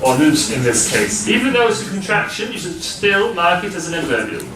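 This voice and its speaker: A man's voice: sits high, big pitch swings, fairly quick, music in the background. A man lecturing a class, explaining step by step and checking that students follow. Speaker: university lecturer. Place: lecture hall. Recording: distant voice in a noisy, echoey lecture hall.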